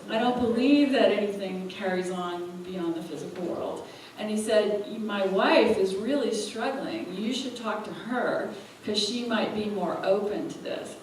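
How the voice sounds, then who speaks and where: A woman speaker telling an animated story to a live audience and laughing often as she goes. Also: mid-range voice, measured pace, hardly any pauses. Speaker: spiritual teacher and speaker. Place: event hall. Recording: echoey hall, from far off, faint room noise.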